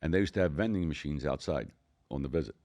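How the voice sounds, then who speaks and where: An older man with a Philadelphia accent co-hosts a podcast, spinning rambling, profane stories with animated energy. He has a bass voice and speaks at a quick pace in this casual storytelling.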